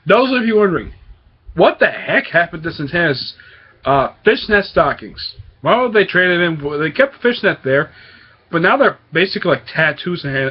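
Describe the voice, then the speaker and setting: Husky-voiced man rambling through a comic review. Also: on the high side, dull audio. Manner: rambling, hesitant with many fillers. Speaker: comic book reviewer host. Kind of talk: casual comic book review.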